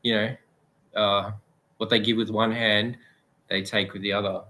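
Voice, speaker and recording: Low, bright-toned man, sardonic. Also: level tone, normal speed. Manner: hesitant, with many fillers and sardonic remarks. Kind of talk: casual chat.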